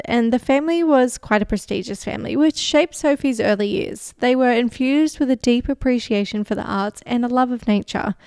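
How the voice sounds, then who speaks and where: A woman's voice: fairly high pitch, clean tone, no room sound, studio quality. A woman with an Australian accent hosting a casual true-crime podcast, reading out a case with frequent "like" and "um". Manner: relaxed storytelling with frequent "like" and "um". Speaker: podcast host.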